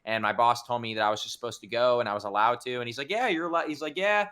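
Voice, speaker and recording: A young man tells a story at a fast clip in a bright, forward voice. He is loose and animated, swearing freely and acting out each person he talks about. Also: mid-range voice, smooth. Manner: animated, swears a lot, acts out the people in his story. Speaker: podcast co-host telling a story. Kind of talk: casual storytelling chat.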